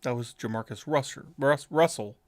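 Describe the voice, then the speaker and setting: A man's voice: medium pitch, normal speed. A young man hosts a casual sports chat and runs through a list of coaching news. He talks loosely, with plenty of "uh" and "um" and a few curses. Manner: reads through coaching news, many fillers, swears. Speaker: podcast host.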